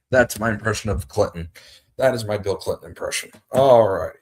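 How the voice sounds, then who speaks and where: A man's voice: lowish voice, fairly quick. A man hosting a casual livestream, rambling and greeting viewers as they arrive. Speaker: livestream host.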